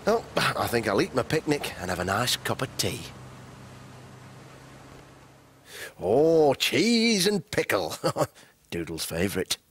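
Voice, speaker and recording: A man playing a cheerful grown-up on a fishing trip in a children's show, reading a story aloud in a gentle, sing-song way. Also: medium pitch, very animated, unhurried, slight background noise.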